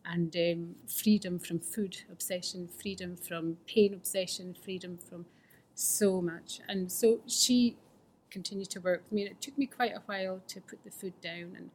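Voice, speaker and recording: A woman with a lowish, mellow voice shares her recovery testimony with a fellowship, speaking at normal speed with fairly even intonation. She is candid and earnest, often dropping almost to a whisper.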